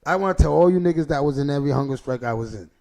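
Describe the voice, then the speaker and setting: Gravelly, high-voiced man telling stories. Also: rapid-fire. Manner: animated, profane storytelling with lots of restarts. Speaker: podcast host. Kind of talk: casual storytelling.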